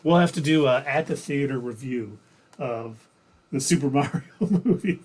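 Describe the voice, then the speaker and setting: A man co-hosting a livestream in easygoing casual chat, with a husky voice, chuckling as he talks. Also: medium pitch, normal speed, a little mellow. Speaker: stream co-host.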